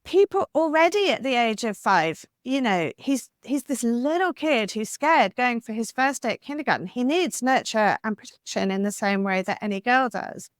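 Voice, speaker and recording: A woman author being interviewed on a podcast, talking in an animated, talkative way with lots of "like" and "you know.". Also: fairly high pitch, moderate pace, few pauses, dry recording, clean studio sound. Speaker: author guest.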